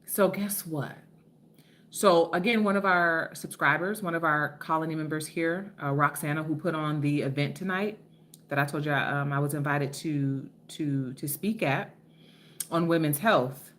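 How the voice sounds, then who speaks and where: This livestream host from Philadelphia, USA has a low-pitched, a bit bright voice and talks a little slowly. Her casual stream is chatty and gushing, with viewers greeted by name and plenty of swearing.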